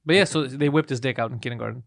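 A man co-hosting a podcast, teasing his friend and telling stories with profane, animated energy. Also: mid-range voice, racing, vocal fry, dry recording, studio quality. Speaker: podcast co-host. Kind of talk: casual podcast banter.

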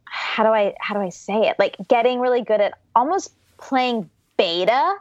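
A woman's voice: on the high side, lively intonation, moderate pace, no room sound, lo-fi sound. A woman from the US state of Georgia, a podcast guest, talking reflectively about her childhood and laughing often. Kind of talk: casual interview conversation.

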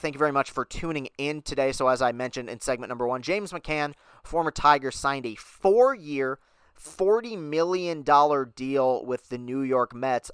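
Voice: mid-range voice, a bit bright, clean tone, dry recording. A podcast host delivering a heated, sarcastic sports talk monologue on a close mic.

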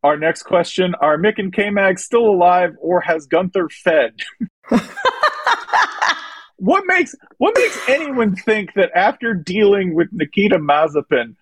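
Reading out listener questions with plenty of jokes, this US motorsport podcast host keeps the chat relaxed. He speaks at a measured pace in a high, lively voice with a breathy edge, with no room sound.

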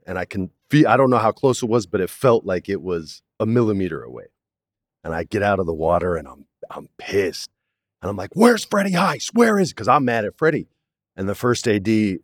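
Man, 40s, low voice, chatty and animated storyteller, dry studio sound. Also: no room sound. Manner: animated storyteller, acts out quotes, says "man" often. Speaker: actor, interview guest. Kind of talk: casual storytelling interview. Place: studio, in person.

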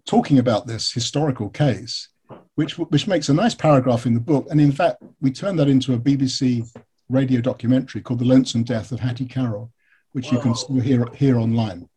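A man from England, an author being interviewed, who tells stories in a lively way with many fillers and restarts. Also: medium pitch, fairly quick, slightly rough. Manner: animated storytelling, frequent fillers and restarts. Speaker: author and biographer, interview guest. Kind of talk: conversational interview.

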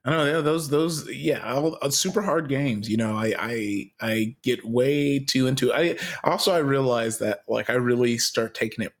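A man's voice: mid-range voice, moderate pace, few pauses. Self-mocking man chatting about games. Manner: self-deprecating, laughing storytelling. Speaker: podcast co-host. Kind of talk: casual chat.

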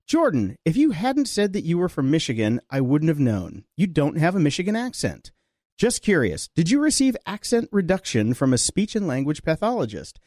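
A man co-hosting a podcast, reading listener letters aloud in an expressive, animated way. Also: on the high side, moderate pace, no room sound, studio quality.

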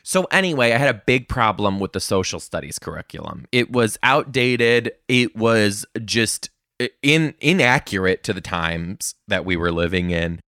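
A young man telling classroom stories as a comedic monologue, sassy and animated, bursting into high-pitched rants. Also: moderate pace, dry recording, studio quality.

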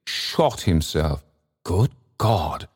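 A man's voice: sits low, animated, drawn-out words, breathy edge, heavily acted. A man voicing a nervous, agitated male secretary who speaks in urgent tones. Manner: flustered, urgent.

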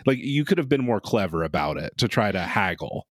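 A man co-hosting a podcast in casual chat, animated and incredulous, swearing freely. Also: on the low side, fairly quick, dry recording, studio quality. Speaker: podcast co-host.

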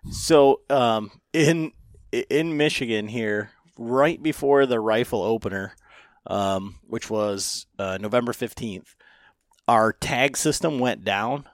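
A man's voice: medium pitch, takes it slowly, no room sound, clean studio sound. A man hosting a podcast, asking casual questions with lots of ums, restarts and light laughs. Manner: hesitant, many ums and restarts, friendly laughs. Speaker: podcast host.

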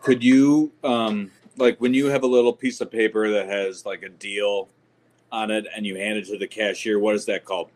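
A man in casual podcast chat, teasing and halting as he talks. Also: on the low side, fairly even intonation.

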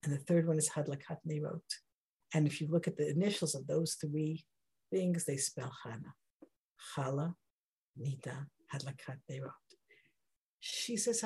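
A woman's voice: low voice, normal speed, pauses often, warm tone, breathy edge. A woman teaching a Torah class in a conversational, heartfelt way. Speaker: Bible teacher.

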